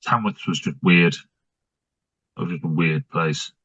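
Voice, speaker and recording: A man's voice: sits low, slow pace, sharp tone, husky, no room sound, highs cut off. A man with an English Midlands accent co-hosting a casual podcast, speaking in a dry, hesitant way. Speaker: podcast co-host. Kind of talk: casual chat.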